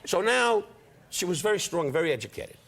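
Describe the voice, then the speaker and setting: A man's voice: high voice, very animated, creaky, fairly bright tone. An older man, a guest comedian trading needling insult-comedy banter in a television studio. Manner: brash, needling, rapid-fire put-downs. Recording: studio audience laughter, noisy broadcast.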